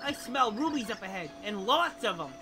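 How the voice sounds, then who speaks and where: A woman voicing a scheming, folksy male gerbil with a rough drawl. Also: medium pitch, very animated, normal speed, music in the background, lightly acted.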